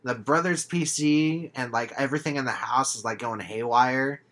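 Man, podcast guest, mid-range voice, relaxed and agreeable, adds scene details. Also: mid-range voice, normal speed. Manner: easygoing, agreeable, chimes in. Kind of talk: casual movie review chat.

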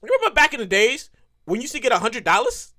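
A woman hosting a comedy podcast, ranting in a profane, animated monologue and repeating lines for emphasis. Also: a little high, fast. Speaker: podcast host and comedic writer.

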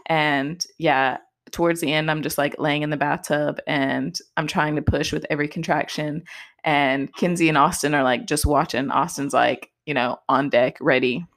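With a deep voice, fairly even intonation, and a moderate pace, a young woman tells a story from her own life on her podcast. She keeps it casual and conversational, filling her speech with "like" and "just."

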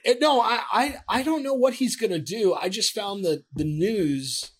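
A man co-hosting a casual sports talk show, animated and profane, often trailing off and restarting. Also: high-pitched, normal speed, slightly rough. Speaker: sports podcast co-host. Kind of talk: casual chat.

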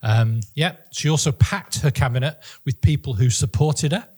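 A man with a slightly husky voice co-hosts a casual political podcast. He talks in an opinionated way and often stumbles and restarts mid-sentence. His pitch sits in a middle range for a man. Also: normal speed, darkish tone. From Northern England. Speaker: podcast co-host.

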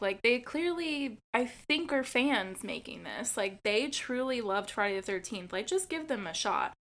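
A woman's voice: fairly high pitch, fairly bright tone. A woman co-hosting a podcast, chatting casually, swearing and using lots of "like". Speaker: podcast co-host. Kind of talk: casual chat.

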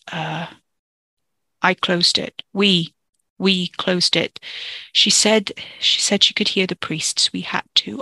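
The narrator voicing a young man who explains in halting bursts and defends himself. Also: sits high, sharp tone, no echo, full character voice.

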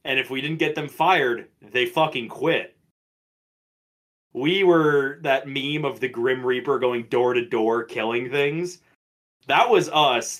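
A man in his twenties co-hosting a podcast, telling school stories in casual chat, swearing freely and acting out the people in them. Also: mid-range voice. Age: 20s. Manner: profane, animated, mimics people in stories. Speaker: podcast co-host.

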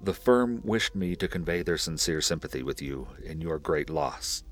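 A man voicing an uneasy messenger who speaks quietly and stiffly formal in a storybook reading. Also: rumbling low, lively intonation, moderate pace, soft background music.

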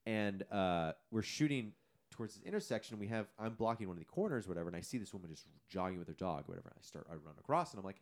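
A man's voice: on the low side, rapid-fire. A man co-hosting a podcast, telling stories in a casual, profane way. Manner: animated, profane storytelling. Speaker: podcast co-host. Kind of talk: casual chat.

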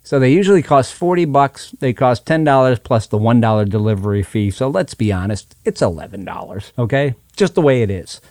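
A man hosting a radio food show, chatty and joking as he pitches deals. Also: lively intonation, brisk, few pauses, a little mellow, no echo, clean studio sound.

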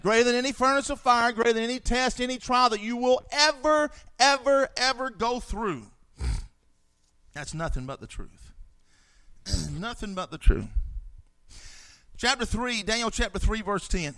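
A man's voice: extremely high pitch, expressive, moderate pace, long pauses, bright, forceful tone, clear, resonant tone. A man preaching a fervent sermon, reading scripture aloud and swelling for emphasis.

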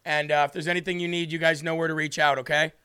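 A man's voice: on the high side, little pitch movement, fast, sharp tone, smooth. A man hosting a live-streamed political talk show, fiery and indignant, repeating himself and reading chat comments aloud.

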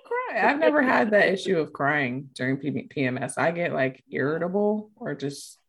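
A woman's voice: low voice, moderate pace, gravelly, husky. A woman chatting casually, telling stories and acting out what people said. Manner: expressive storyteller, acts out quotes. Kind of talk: casual chat.

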